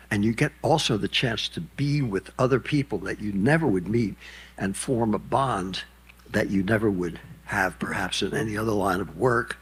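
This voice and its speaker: On a conference stage, a keynote speaker in his nineties tells meandering anecdotes full of asides and false starts. His voice is lowish and slightly rough.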